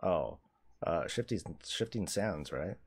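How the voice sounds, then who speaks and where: A man with a lowish voice talks through his gameplay on a live stream. His pitch jumps around a lot as he chats, swears and laughs along. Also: takes it slowly, breathy edge. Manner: animated, swears freely, laughs often. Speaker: streamer host. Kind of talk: casual gameplay commentary.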